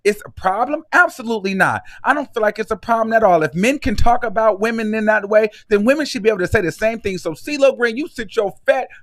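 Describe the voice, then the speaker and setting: Brief: high-pitched male gossip host, sassy and outspoken, dry close sound. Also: quick pace, hardly any pauses, fairly bright tone, no room sound. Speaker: celebrity gossip commentator. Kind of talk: casual commentary vlog.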